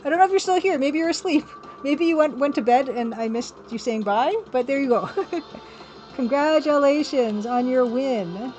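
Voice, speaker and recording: A woman's voice: high-pitched, moderate pace, a little mellow. A woman hosting a casual live stream, chatting and rambling to her viewers and laughing often. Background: faint music from a record player.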